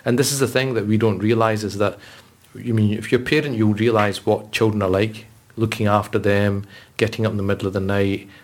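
A man's voice: on the low side, fairly even intonation, brisk, hardly any pauses. A man, a religious scholar, talking earnestly in a podcast conversation, telling stories with frequent restarts. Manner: earnest, storytelling, with repeated restarts.

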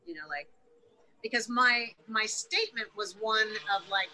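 A woman's voice: a little high, expressive, a little slow, bright, forceful tone, a little hiss or hum, poor audio. A woman guest in an interview, recounting a personal story frankly, emotionally and with plenty of swearing. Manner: frank and profane, emotional retelling.

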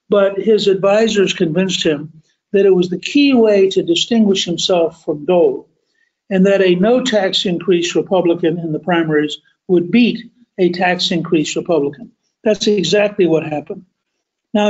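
A man's voice: sits high, a little mellow, dull audio. A man looking back on past politics in a reflective storytelling style, sometimes acting out quoted lines. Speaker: political insider recounting history.

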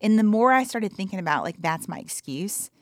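A woman's voice: medium pitch, lively intonation, brisk, no echo, clean studio sound. A woman, an endurance athlete, telling her story as a guest in a podcast interview and acting out her own inner voice.

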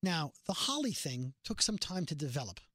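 A middle-aged woman co-hosts a podcast, chatting casually and telling stories with animated, emphatic energy. Her voice is low-pitched and slightly rough at a normal speed, recorded at studio quality with no room sound.

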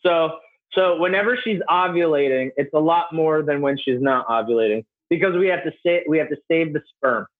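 A man in his mid thirties, from New Jersey, rambles through a casual interview full of fillers and jokes. His voice sits a touch higher than most men's. It comes through a video call, thin and narrow like a phone line. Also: fairly quick. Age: 30s. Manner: rambling, filler-heavy, jokey. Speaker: podcast guest. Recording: tinny phone-like call audio.

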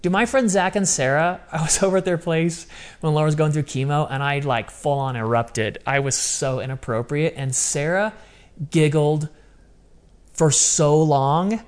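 A man's voice: a little high, moderate pace, smooth. A man talking as an interview guest, telling personal stories in an emphatic, casual, slang-heavy way. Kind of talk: candid personal storytelling.

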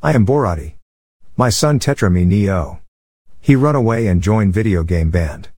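A man's voice: fairly low pitch, animated, normal speed, a little mellow, no echo, clean studio sound. A man putting on a bumbling comic male character who talks in broken, choppy phrases. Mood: boastful.

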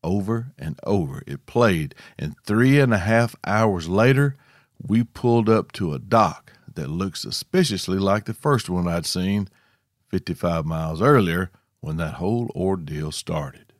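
A man's voice: sits low, lively intonation, unhurried, no echo. A man from Arkansas, telling a scripted outdoor story with dry, wry humor. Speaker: podcast host.

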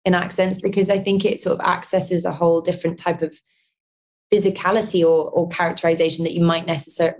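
A young actress with a London accent answers interview questions in a relaxed, unscripted way. She restarts her sentences often and breaks into soft laughs. Her voice is a touch lower than average. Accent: London English. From London, England.

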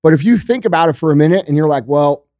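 A man's voice: fairly high pitch, animated, racing, dark tone, no room sound, studio quality. A man talking casually as a guest, blunt, profane and emphatic as he gives motivational advice. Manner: emphatic and intense. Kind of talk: casual chat.

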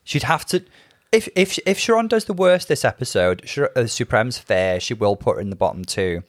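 A man's voice: medium pitch, sing-song, moderate pace, no room sound, studio quality. A man co-hosting a podcast, chatting casually and telling stories with frequent laughs. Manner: chatty, giggly storyteller. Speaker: podcast co-host. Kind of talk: casual chat.

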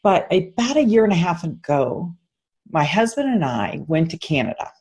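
A woman coach, a guest on an interview show, telling a story in an earnest, animated way. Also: lowish voice, normal speed, husky. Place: Austin.

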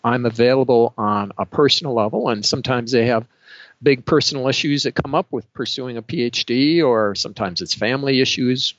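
A man's voice: medium pitch, fairly quick, a bit bright, no echo. Middle-aged professor guy, dry understated talk, kinda muffled lo-fi audio. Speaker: professor and research supervisor. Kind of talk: casual interview answers. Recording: slightly dull lo-fi audio.

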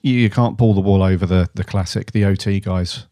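Brief: male co-host, lowish pitch, laid-back banter, casual swearing. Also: fairly even intonation, brisk, dark tone, no echo. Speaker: podcast co-host. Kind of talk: casual chat.

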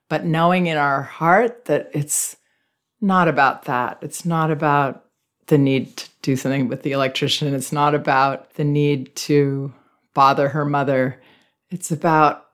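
A middle-aged woman with a deep voice hosts a parenting advice show. She responds to a listener's letter calmly, gently and reflectively.

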